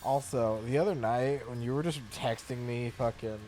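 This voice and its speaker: A man's voice: mid-range voice, moderate pace, darkish tone, a little hiss or hum. A young man in a casual, crude chat, swearing freely and laughing often as he tells stories.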